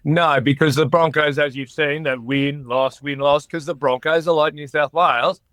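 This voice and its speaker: A man's voice: fairly high pitch, fairly even intonation, moderate pace, a bit bright, no room sound. A man from Queensland, a regular guest in a casual sports chat, teasing and boisterous.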